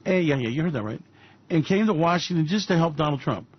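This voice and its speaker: A man's voice: on the high side, lively intonation, quick pace, husky, highs cut off. A man hosting a radio show, giving fiery, mocking commentary on politics and finance with repeated punchlines. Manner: ranting, mocking, repetitive punches.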